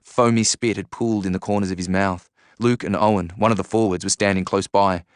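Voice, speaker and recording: Low, resonant male narrator reading fiction steadily; dry studio sound. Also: steady tone, a little fast, smooth, dry recording. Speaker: audiobook narrator. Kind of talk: first-person novel narration.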